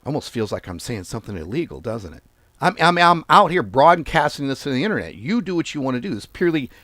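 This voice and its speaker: A man's voice: on the high side, a bit bright, no echo. A man hosting a trading channel, chatting casually through a live screen-share, loose and offhand, repeating words for emphasis. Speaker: forex trading channel host.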